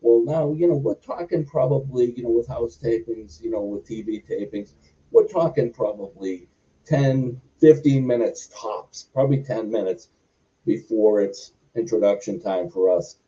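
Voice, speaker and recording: A wrestler telling a long backstage story in an interview, rambling with many fillers. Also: male voice, mid-range voice, moderate pace, warm tone. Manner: rambling, filler-heavy anecdotes. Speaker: wrestler guest. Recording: muffled lo-fi recording.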